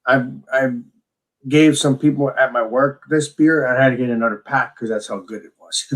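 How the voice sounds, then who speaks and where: A man's voice: mid-range voice, fairly even intonation, normal speed. A man co-hosting a casual beer tasting chat, talking with enthusiasm and rambling restarts. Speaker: beer reviewer co-host.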